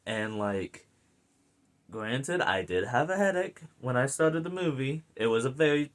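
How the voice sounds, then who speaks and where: An American man chatting through a movie review in a loose, rambling way. He keeps circling back with fillers and restarts, clearly enthusiastic about what he's describing. His voice sits at an ordinary middle pitch for a man. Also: animated, measured pace. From United States. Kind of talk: casual film review chat.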